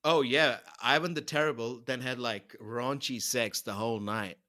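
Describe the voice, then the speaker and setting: Male podcast co-host, bright and forceful, rambling, giggly, stumbles over his words. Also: medium pitch, steady tone, normal speed. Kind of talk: casual comedy chat. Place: home, remote call.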